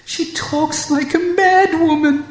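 A woman doing a wailing old woman, high and theatrical, crying out her grief. The lines come slowly, with echo and faint music around her. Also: fairly even intonation. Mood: sorrowful.

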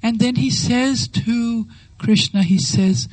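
A woman giving a devotional talk, telling a sacred story with lively acted-out quotes and slow, reverent phrasing. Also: a little high, no room sound, poor audio. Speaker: devotional speaker.

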